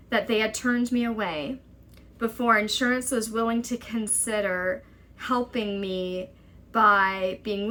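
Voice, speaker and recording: A woman's voice: on the high side, sharp tone. A young woman vlogging a personal story to camera, urgent and exasperated, quoting others as she goes. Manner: urgent, exasperated retelling with quick quoted dialogue.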